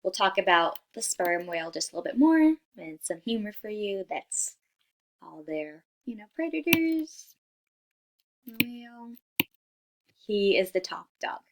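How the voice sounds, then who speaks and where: A woman's voice: fairly low pitch, animated, normal speed, noisy background. A young woman presenting a class slideshow in a casual, chatty way, with many fillers and frequent "right?", apologizing as she stumbles over hard scientific words. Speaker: student presenter.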